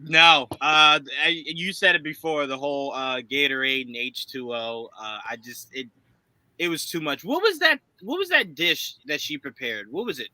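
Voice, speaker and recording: A man chatting as a panelist on a live stream in an easygoing way, laughing often and pausing on fillers. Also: a little high, expressive, bright, forceful tone, dry recording, low-quality recording. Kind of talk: casual panel chat.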